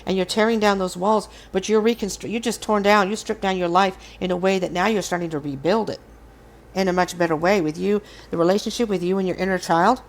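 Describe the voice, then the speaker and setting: A woman's voice: medium pitch, fairly even intonation, a little fast. A woman hosting a casual collective tarot reading, speaking earnestly and encouragingly to her viewers. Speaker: tarot reader.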